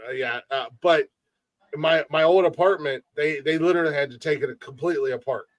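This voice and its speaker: A man's voice: a little high, a little fast, no echo. Rambling man telling a long story. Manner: rambling storyteller, repeats words. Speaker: podcast host. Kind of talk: casual chat.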